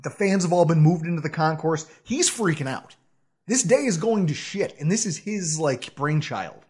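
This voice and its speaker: A man co-hosting a podcast, telling a self-deprecating story in a casual, animated way with frequent laughs. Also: a little high, normal speed, husky. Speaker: podcast co-host.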